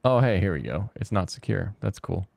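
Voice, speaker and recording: A man with a fairly low voice hosts a laid-back chat as he plays, drifting from thought to thought. He stops and restarts often and fills his gaps with "uh" and "like". The sound is dry and close. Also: animated, vocal fry, a little mellow, no room sound. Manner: rambling, halting with many fillers. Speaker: host. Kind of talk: casual chat while gaming.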